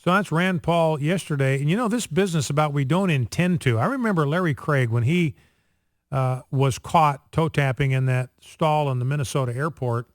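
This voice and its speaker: A man's voice: a little high, moderate pace, dry recording, clean studio sound. A male radio talk show host giving opinionated political commentary, with many fillers and restarts.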